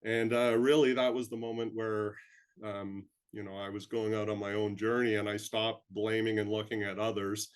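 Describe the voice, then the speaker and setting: A man's voice: lowish voice, little pitch movement, moderate pace, smooth. An older man from Canada, an interview guest who tells reflective stories in a humble, rambling way with frequent ums. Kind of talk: reflective storytelling.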